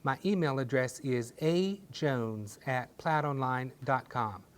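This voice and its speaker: A man teaching a step-by-step painting class, talking gently and encouragingly with folksy little sayings. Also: mid-range voice, slow. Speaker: painting instructor.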